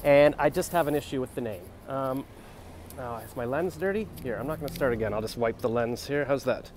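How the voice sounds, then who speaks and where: A man's voice: mid-range voice, a little fast, a little mellow, slight background noise. A young man rambling in a comic vlog outdoors on a city street, musing and free-associating, recorded on a handheld phone. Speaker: comedian vlogger.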